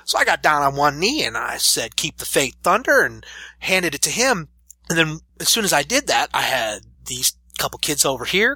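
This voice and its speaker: A man's voice: a little high, breathy edge, no echo. A man in his thirties, a pro wrestler, telling stories animatedly in a casual interview. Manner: animated storyteller, laughs through stories. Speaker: professional wrestler guest.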